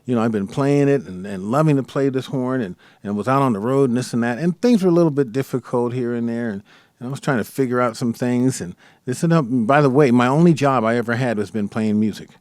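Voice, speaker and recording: A middle-aged man hosting a podcast, telling stories from his life in a casual, conversational way and lively when quoting others. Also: medium pitch, fast talker, no echo, clean studio sound. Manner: storytelling, animated when quoting his mother. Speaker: podcast host.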